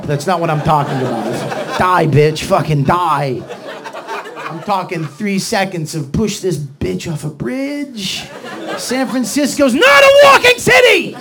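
A middle-aged man doing a stand-up comedy set. He rants loudly and acts out other voices. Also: a little high. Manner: loud, ranting, acts out voices and swings into shouting. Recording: live show with audience laughter.

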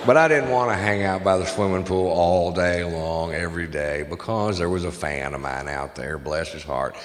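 A man doing a stand-up comedy set on stage, telling crude stories brashly and getting loud on the punchlines. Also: low voice, normal speed. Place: stage in a large venue with a live audience. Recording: echoey hall with audience noise.

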